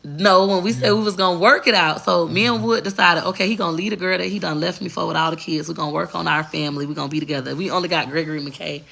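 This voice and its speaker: A woman's voice: on the low side, fast talker, creaky, few pauses, a bit bright. A woman vlogger telling a personal story in a candid, blunt and profane way. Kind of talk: casual storytelling to camera.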